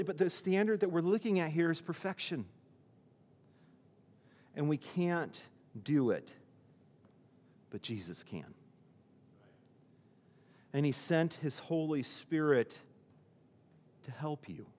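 A man's voice: a little high, slow pace, long pauses, a little mellow, in a large hall. A male pastor preaching a sermon in a conversational way, often restarting his sentences and using fillers.

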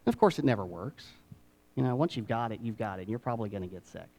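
A middle-aged man preaching a sermon, dropping to hushed asides and rising to emphatic peaks with dramatic pauses. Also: lowish voice, lively intonation. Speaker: pastor.

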